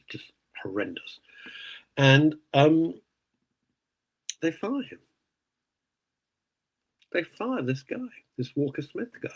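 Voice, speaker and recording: A man's voice: fairly high pitch, huge pitch swings, slow pace, long pauses, slightly rough, poor audio. A man hosting a radio show, ranting indignantly in casual opinionated chat. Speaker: radio host.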